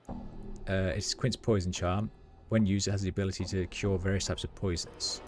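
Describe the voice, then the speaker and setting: Deep-voiced man reading game text aloud. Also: fairly even intonation, normal speed, pauses often, darkish tone, no room sound, soft background music. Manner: wry, reads descriptions then reacts with casual swearing. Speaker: streamer.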